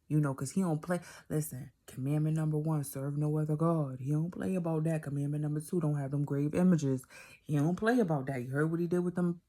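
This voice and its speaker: Low gravelly woman telling her story. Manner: animated, repeats phrases, drops to whispers for emphasis. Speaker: vlogger telling a personal testimony. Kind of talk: casual storytelling.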